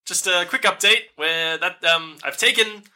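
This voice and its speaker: A man's voice: high-pitched, sharp tone, voice pushed up, exaggerated voice. A man doing a nervous woman adventurer. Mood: hurried, nervous. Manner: halting, hesitant. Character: nervous young woman adventurer on a magic stone.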